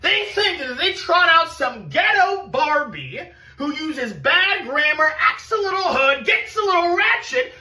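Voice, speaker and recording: A woman's voice: high-pitched, big pitch swings, a little slow, bright, forceful tone. A woman speaking scornfully and mockingly in a public speech clip. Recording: roomy audio from far off.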